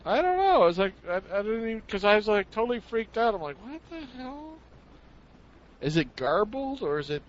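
A man's voice: high voice, very animated, fast, few pauses, a little hiss or hum. A man chatting casually with a friend, telling a rambling funny story and acting out the sounds he heard. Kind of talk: casual comedic chat. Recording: dull lo-fi sound.

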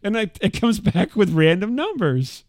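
A middle-aged man co-hosting a podcast, telling a story in a lively, casual way and mimicking the voices of others. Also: high voice, normal speed, no room sound. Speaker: podcast co-host. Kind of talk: casual chat.

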